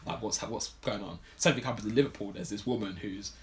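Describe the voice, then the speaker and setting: A man's voice: on the low side, fast talker, a little hiss or hum. A man casually recapping a film plot on a podcast, rambling with lots of fillers. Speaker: podcast co-host. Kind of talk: casual film review chat.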